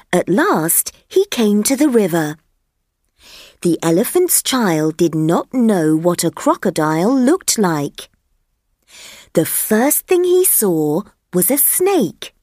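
A woman narrating a children's story for language learners, slow, clear and expressive. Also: medium pitch, dry recording, clean studio sound. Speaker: narrator of a graded reader.

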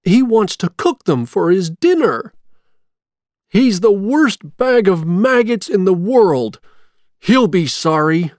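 A man's voice: mid-range voice, lively intonation, a little slow, hardly any pauses, a little mellow, dry recording, studio quality, natural voice. Jack Skellington, a man doing a brave skeleton hero. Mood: earnest. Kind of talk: storybook reading.

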